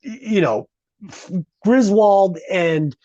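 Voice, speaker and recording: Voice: mid-range voice, takes it slowly, no echo. Podcast cohost cursing and ranting about a movie, voice all over the place, dull lo-fi mic. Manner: profane, ranting, animated. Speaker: podcast co-host. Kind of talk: casual movie review chat.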